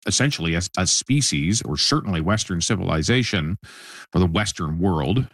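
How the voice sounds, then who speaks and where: A man interviewing a guest, asking his question deliberately and searching for words. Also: sits low, animated, fairly bright tone, dry recording.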